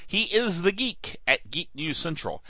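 A man's voice: a little high, big pitch swings, measured pace, bright, forceful tone, no echo. A man hosting a podcast in casual, rambling chat, joking and drifting off track before finding his way back. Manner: jokey, wanders off track and back. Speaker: podcast host.

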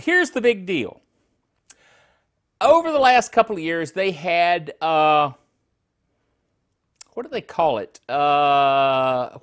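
A man's voice: high-pitched, fairly bright tone. A middle-aged man hosting a casual tech podcast from his living room, jokey and rambling, tripping over words and laughing at himself.

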